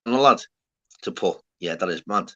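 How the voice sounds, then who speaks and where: Bright-voiced man rambling on a stream. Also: sits low, unhurried, dull audio. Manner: rambling, slangy, calls everyone lad. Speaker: livestream host. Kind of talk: casual livestream chat.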